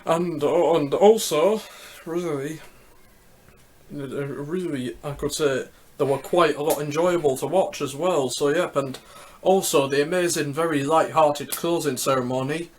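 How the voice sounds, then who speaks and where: A man's voice: fairly high pitch, a little slow, slight background noise. A man giving casual vlog commentary on a ranking list, talking hesitantly, repeating words and falling back on "so yep" while he searches for what to say. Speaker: YouTuber ranking Olympic Games.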